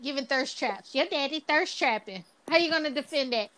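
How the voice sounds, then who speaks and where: A woman's voice: sits high, lively intonation, normal speed, very noisy. A woman hosting a podcast in casual chat, teasing her co-hosts and laughing often. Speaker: podcast host.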